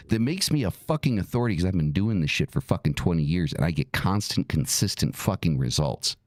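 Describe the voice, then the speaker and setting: A man's voice: low-pitched, lively intonation, fairly quick, few pauses, dry recording, clean studio sound. A middle-aged man hosting a talk show, speaking bluntly and profanely in a heated, repetitive rant. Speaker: podcast host.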